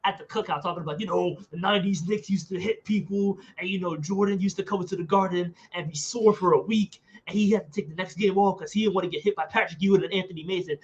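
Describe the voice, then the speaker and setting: High-pitched guy cohosting, really emphatic, muffled lo-fi audio. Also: fast, hardly any pauses. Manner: emphatic, animated storytelling. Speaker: podcast co-host. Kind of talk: casual postgame basketball talk. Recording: muffled lo-fi sound.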